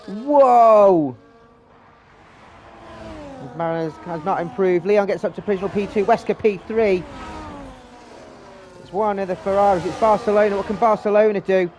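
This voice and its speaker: An excitable man commentates a live online sim race with rapid calls, slightly higher in pitch than most men. His delivery runs breathless and exclamatory as the cars cross the line, with a faint hiss of noise under his voice. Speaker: race commentator and league host.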